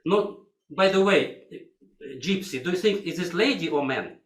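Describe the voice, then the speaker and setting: In an echoey hall with a violin playing, an older man teaches a violinist during a masterclass, using broken English and singing passages to show what he means. He has a high voice and speaks in an animated way at a moderate pace.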